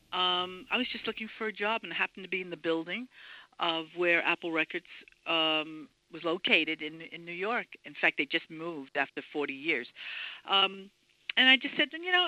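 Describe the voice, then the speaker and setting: A woman in her sixties, a guest recounting stories in an interview, lively and anecdotal with frequent laughs and fillers. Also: on the low side, dry recording, rough recording. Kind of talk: storytelling interview.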